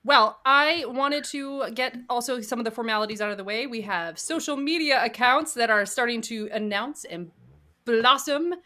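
A woman's voice: fairly high pitch, normal speed, sharp tone. A woman co-hosting a podcast in casual chat, talking in a chatty, giggly way with lots of fillers. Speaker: podcast co-host.

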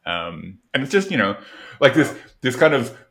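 A man's voice: medium pitch, big pitch swings, normal speed, fairly bright tone. A man co-hosting a podcast in casual chat, explaining things in a thoughtful way with hesitant fillers. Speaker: podcast co-host.

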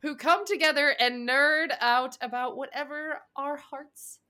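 Bright-voiced tired woman podcast host. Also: sits high, fairly even intonation, a little slow. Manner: laughs often, chatty and rambling. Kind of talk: casual chat.

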